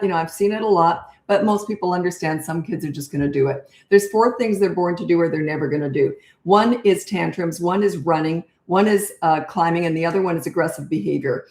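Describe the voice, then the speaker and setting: An older woman runs a live parenting Q&A in a blunt, chatty way and answers viewer questions in plain, no-nonsense terms. Her voice sits a little low. The room around her sounds echoey. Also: darkish tone. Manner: chatty and blunt, laughs at her own stories. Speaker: parenting coach.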